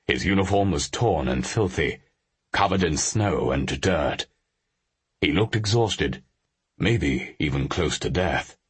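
A male audiobook narrator with a very deep voice. His tone is husky and his delivery is steady and measured. The recording is close and dry. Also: no echo. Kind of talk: scripted narration.

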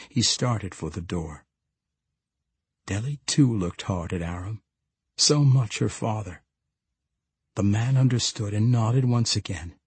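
A male narrator reads a fantasy novel in a measured, steady way. His voice is husky and raspy, and his delivery is unhurried. The recording is close and completely dry. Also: fairly low pitch, dry recording. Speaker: audiobook narrator.

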